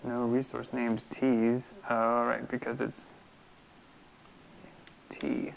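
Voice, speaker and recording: A man's voice: medium pitch, completely flat delivery, very slow, creaky, a little hiss or hum. A man teaching a live-coding screencast, thinking aloud with many fillers and restarts. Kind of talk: casual screencast coding tutorial.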